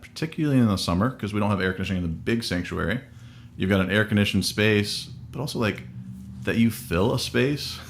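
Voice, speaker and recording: Man, pastor, very low voice, reflective conversational delivery. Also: a little hiss or hum. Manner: thoughtful, searching for words. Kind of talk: casual podcast conversation.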